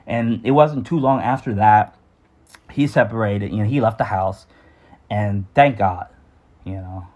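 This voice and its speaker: A man's voice: fairly low pitch, a little slow, long pauses, darkish tone. A man telling a candid personal story about his childhood, with frequent restarts and some swearing.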